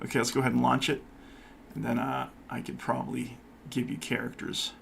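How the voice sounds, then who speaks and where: A man hosting a co-op game stream, talking loudly and cheerfully with his players. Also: medium pitch, fairly quick, gravelly, a little hiss or hum. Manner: loud and lively, says so himself. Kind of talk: casual live-stream chat.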